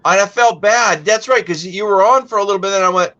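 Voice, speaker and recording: Lively, bright-voiced man hosting a chat. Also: sits high, quick pace, highs cut off. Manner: animated storyteller, acts out people he quotes. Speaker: host. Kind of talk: casual chat.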